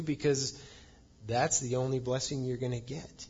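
A man's voice: mid-range voice, fairly even intonation, moderate pace, a little mellow, husky, highs cut off. A man preaching a sermon as pastor, reading scripture aloud and stressing points with emphasis.

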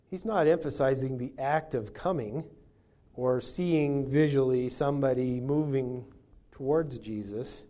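Mellow-voiced preacher teaching scripture. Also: male voice, mid-range voice, measured pace. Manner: teaching verse by verse, explaining word meanings. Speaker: pastor. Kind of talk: sermon.

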